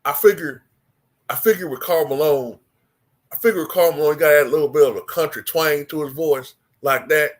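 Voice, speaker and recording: A man's voice: on the high side, a little fast. A man hosting a casual online stream, rambling and repeating himself. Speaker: online show host. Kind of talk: casual livestream talk.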